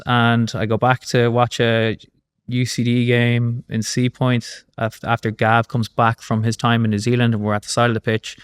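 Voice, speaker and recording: A man in his thirties with an Irish accent, a guest telling his story in a casual interview, animated and swearing casually, with lots of fillers. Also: medium pitch, smooth. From Ireland. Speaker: guest, former rugby player.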